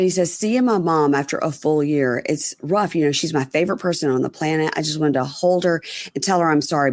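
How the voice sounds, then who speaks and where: A woman with a deep, darkish voice hosts a casual podcast, recapping a reality episode and acting out people's lines. She says "um" a lot and swears often. The studio-quality recording has no echo.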